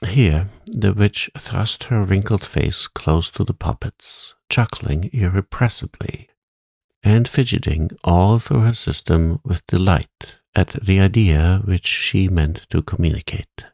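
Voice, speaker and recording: A man reading a classic story aloud in a calm, soothing, soft-spoken bedtime manner. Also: deep voice, takes it slowly, gravelly, dry recording, clean studio sound. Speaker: audiobook narrator.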